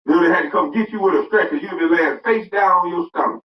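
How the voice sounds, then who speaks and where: A man tears into someone in a furious, mocking rant, hammering the same insults again and again. His voice sits a bit high and arrives from a distance, in a roomy space with a dull, muffled tone. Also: quick pace. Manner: angry, mocking, repetitive insults. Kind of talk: heated rant.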